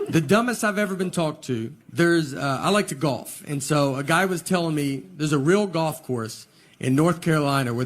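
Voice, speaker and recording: Deadpan man in his forties doing stand-up. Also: a little high. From Southern US. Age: 40s. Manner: deadpan storytelling with dry self-mocking asides. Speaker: stand-up comedian. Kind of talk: stand-up comedy set. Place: stage before a live laughing audience.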